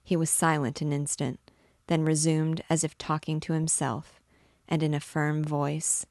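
A woman reading a classic novel aloud in a measured, unhurried way. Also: sits low, little pitch movement, darkish tone, dry recording, clean studio sound. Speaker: book discussion host reading aloud.

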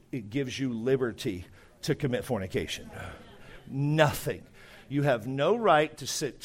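A middle-aged pastor delivers a sermon in a mid-range voice, speaking emphatically as he shifts from quiet asides to loud bursts.

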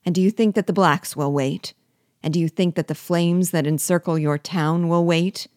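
A woman reading the lines of a forceful veteran male officer, urgent and commanding. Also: lowish voice, fairly even intonation, normal speed, no room sound, studio quality, close to an everyday voice.

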